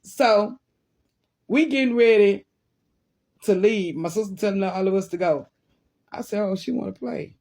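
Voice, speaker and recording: A woman with a husky, breathy voice telling a funny childhood story. She talks casually and animatedly, laughing along and acting out the sounds. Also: mid-range voice, unhurried, long pauses, a little mellow.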